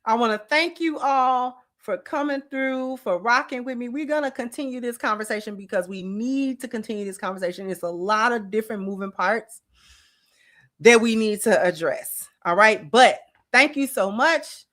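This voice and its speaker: A woman's voice: on the high side, normal speed, fairly bright tone. Chatty woman hosting a commentary vlog. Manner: chatty, colloquial, addresses viewers directly. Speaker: host.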